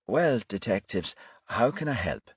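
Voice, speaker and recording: A man voicing a middle-aged male pastor with a soft Irish brogue and a solemn, gentle manner. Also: on the low side, very animated, a little slow, slightly rough, dry recording, clean studio sound, heavily acted. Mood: gently solemn.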